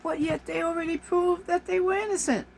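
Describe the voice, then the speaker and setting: A woman's voice: very high-pitched, fairly even intonation, a little fast, gravelly, a little hiss or hum. A woman vlogger delivers an exasperated, emphatic rant to camera, repeating her points for force. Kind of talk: ranting monologue to camera.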